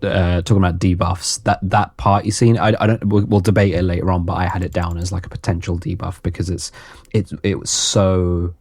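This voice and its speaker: Deep, dark-voiced hesitant man podcaster. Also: level tone, dry recording, clean studio sound. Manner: hesitant, halting, many fillers and restarts. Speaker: podcast co-host. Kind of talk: casual chat.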